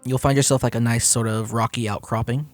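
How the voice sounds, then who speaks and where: A man running a tabletop game as game master, describing scenes in a relaxed way. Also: mid-range voice, a little fast, faint music behind.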